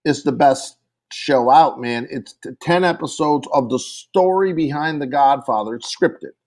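Rambling, excitable podcast man. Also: mid-range voice, a little slow. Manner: rambling, excitable, laughs often, many restarts. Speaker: podcast co-host. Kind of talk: casual chat.

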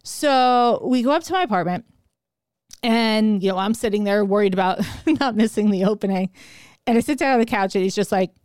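A middle-aged woman co-hosting a podcast, telling a story in a casual, animated way, laughing and acting out the lines she quotes. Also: mid-range voice, a little fast, smooth, dry recording. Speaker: podcast co-host.

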